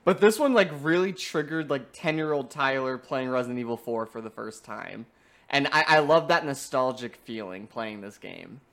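A young man chatting casually about video games, animated and often breaking into laughter. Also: mid-range voice, normal speed, gravelly.

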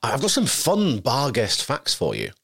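A young adult man, co-hosting a podcast, chatting casually and telling stories in an animated way. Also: mid-range voice, normal speed, gravelly, husky. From York, England. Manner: animated, storytelling, puts on voices. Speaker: podcast co-host. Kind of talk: casual chat.

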